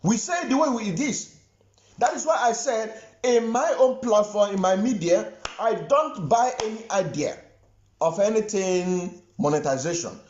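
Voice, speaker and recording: A man's voice: high-pitched, lively intonation, normal speed, a little mellow, reverberant, muffled recording. A man with a Nigerian Igbo accent giving impassioned online commentary, stressing his points by repeating phrases. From southeastern Nigeria. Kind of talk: impassioned social media commentary.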